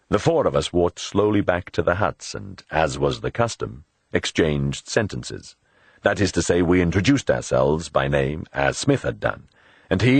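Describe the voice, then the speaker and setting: Male audiobook narrator, deep husky voice, animated intonation, dry close recording. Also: dry recording. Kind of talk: scripted narration.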